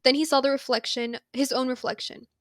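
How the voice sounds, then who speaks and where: A woman co-hosting a podcast, casually retelling a book's chapters with slangy asides and quick impressions. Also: sits high, little pitch movement, no echo, studio quality. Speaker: podcast co-host. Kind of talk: casual book recap chat.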